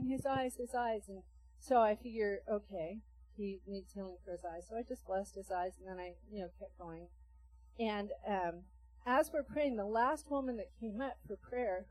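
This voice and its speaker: A woman preacher telling a healing story and reading scripture, acting out the dialogue with lively storytelling. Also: a little high, no echo, low-quality recording. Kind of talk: sermon with testimony and scripture reading.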